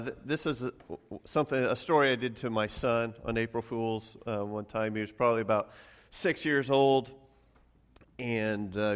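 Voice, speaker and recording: A man's voice: mid-range voice, clear, resonant tone. A man preaching a sermon as pastor, telling stories casually and often repeating words as he goes. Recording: long hall reverb.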